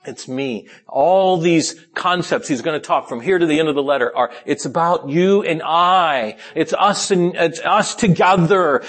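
A man preaching a sermon who drops into low, quiet asides and then rises into pleading, emphatic lines, sometimes restarting and apologizing for rushing.

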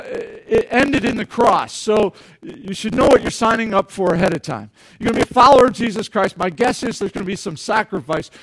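Gravelly, husky high-voiced male pastor. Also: no echo, poor audio. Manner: conversational, repeats words, asks the congregation questions. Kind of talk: sermon.

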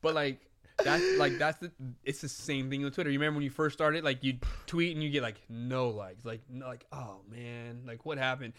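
A man's voice: mid-range voice, brisk, a bit bright. A man talking as a podcast guest about investing, emphatic and repetitive, filling his speech with "like" and "you know what I'm saying.". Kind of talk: casual chat.

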